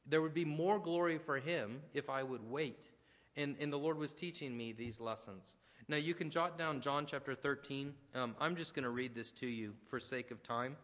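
A man preaching in a relaxed, conversational way, slipping into personal stories and asides. His voice sits at an ordinary middle pitch. A long reverb trails each phrase, as in a church hall. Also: normal speed. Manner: conversational, storytelling, with restarts and asides. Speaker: pastor. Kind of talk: sermon.

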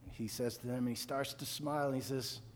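A man's voice: mid-range voice, fairly even intonation, fast talker, slight background noise. A man from upstate New York preaching a sermon, telling family stories in a folksy way and building to fervent emphasis. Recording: long hall reverb.

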